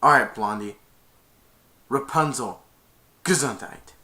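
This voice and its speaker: A man's voice: medium pitch, takes it slowly, bright, forceful tone. A man retelling a cartoon and voicing a cocky young male bandit hero in breezy, teasing lines.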